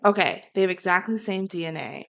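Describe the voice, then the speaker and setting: A woman's voice: lowish voice, fast, gravelly, a bit bright. A woman co-hosting a casual podcast discussion, thinking aloud and posing questions. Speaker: podcast co-host.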